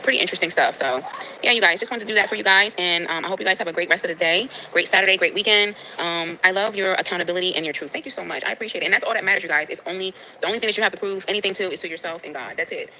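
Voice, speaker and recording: Brisk, bright-voiced nasal woman. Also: lowish voice, slight background noise, poor audio. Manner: emphatic and preachy, repeats phrases. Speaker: livestreamer. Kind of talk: casual livestream talk to viewers.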